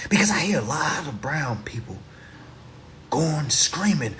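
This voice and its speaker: A man on a live phone stream giving an impassioned monologue, swinging from loud exclamations to low muttering and repeating "all right?" constantly. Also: very animated, unhurried, a little hiss or hum. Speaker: livestream host.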